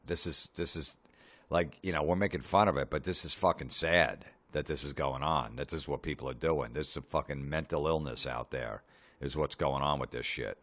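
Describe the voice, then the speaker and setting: A man hosting a comedy podcast, ranting sarcastically with lots of swearing and deadpan asides. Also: a bass voice.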